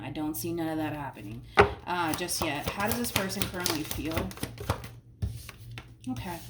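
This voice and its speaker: A woman giving a casual tarot reading in an emphatic, slangy way, repeating her phrases for effect. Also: medium pitch. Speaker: tarot reader. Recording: roomy sound from a distant mic, faint noise.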